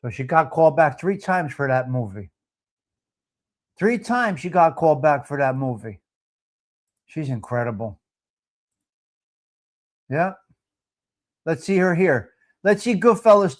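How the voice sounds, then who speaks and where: A man's voice: on the high side, animated, unhurried, long pauses. Brash profane talk show host man. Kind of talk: live talk show monologue.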